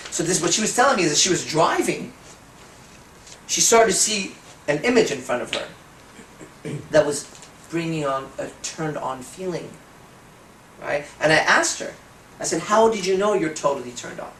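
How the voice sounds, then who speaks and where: A man giving a seminar talk as a dating coach, telling stories, swearing, and slowing into hypnotic suggestion. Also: a little high, lively intonation, fairly bright tone, slight background noise. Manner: profane, storytelling, slows into hypnotic suggestion. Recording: echoey room from far off.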